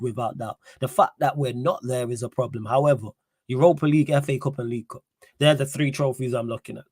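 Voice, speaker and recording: A man, co-hosting a casual football podcast as a Manchester United fan, animated and slangy, often cutting in. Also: mid-range voice, no room sound, studio quality. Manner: animated, talks fast and interrupts, slangy.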